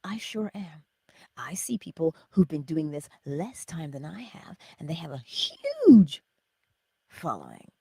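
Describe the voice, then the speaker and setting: Woman, motivational livestream host, husky, lively pitch swings, dry close sound. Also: unhurried, no echo. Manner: animated, laughing, talks to chat.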